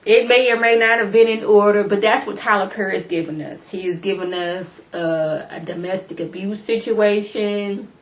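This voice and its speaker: A woman vlogger casually recapping TV episodes, colloquial and incredulous, her voice jumping high when exclaiming. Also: flat delivery, normal speed, few pauses. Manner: colloquial, chatty, talks straight to viewers.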